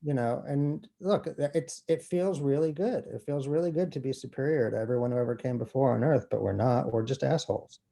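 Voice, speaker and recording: Profane, animated man with a warm voice. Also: medium pitch, brisk, creaky, few pauses. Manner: animated, profane, self-deprecating. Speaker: author guest. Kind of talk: conversational interview. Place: bookstore event.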